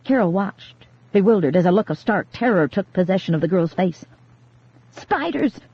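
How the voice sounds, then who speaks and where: An audiobook narrator giving steady, measured scripted horror narration. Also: medium pitch, husky. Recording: dull lo-fi dry recording.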